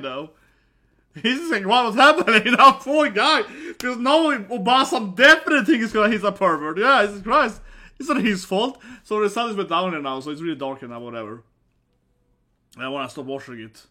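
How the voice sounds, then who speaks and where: A man's voice: high-pitched, lively intonation, brisk, pushed and bright. A man giving live reaction commentary, laughing often and exclaiming, tagging his lines with "right?" and "man". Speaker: reaction video host.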